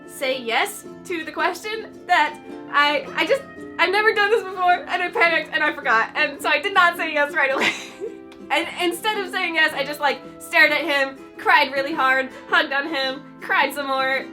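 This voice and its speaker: Chatty young woman doing a storytime vlog, really high bright voice, says like a lot, soft ukulele music behind. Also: normal speed. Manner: gushing, chatty, lots of "like". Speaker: YouTuber. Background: light ukulele music.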